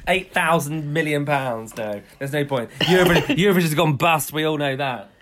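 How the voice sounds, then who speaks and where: A man's voice: a little high, moderate pace, a bit bright. A man co-hosting a podcast, telling stories playfully and laughing often. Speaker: podcast co-host. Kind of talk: casual chat.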